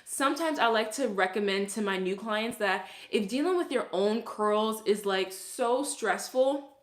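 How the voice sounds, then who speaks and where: In an echoey room, a young woman talks unhurriedly in a mid-range voice. She's a Brooklyn curly hairstylist with a Brooklyn accent, giving a chatty hair tutorial packed with "like"s and laughter.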